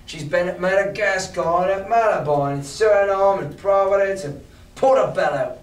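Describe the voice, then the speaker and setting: A male teacher puts on a sly, hearty old pirate ship's cook who leans on every word in a slow, chummy drawl. The voice sits somewhat high. It is caught from a distance in an echoey classroom. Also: close to an everyday voice. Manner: slow, drawn-out, chummy sea-dog talk. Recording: roomy classroom from far off.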